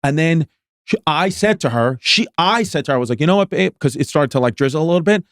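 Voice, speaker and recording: A man's voice: on the high side, lively intonation, quick pace, no room sound, studio quality. A man in his thirties, a podcast guest telling a long story in casual chat, restarting often and filling with "like". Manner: rambling storyteller with many restarts and "like"s.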